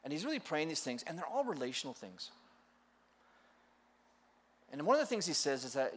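Middle-aged male pastor, animated sermon storyteller, pitch rising and falling freely, joking at his own expense. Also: fairly quick, long pauses, breathy edge. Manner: storytelling with playful acted quotes and self-deprecating humor.

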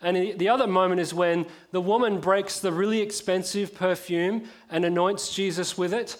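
A man preaching a sermon, impassioned, dropping to a hush and then rising to emphatic force. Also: high-pitched, fairly even intonation, normal speed. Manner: impassioned, swings from hushed to emphatic.

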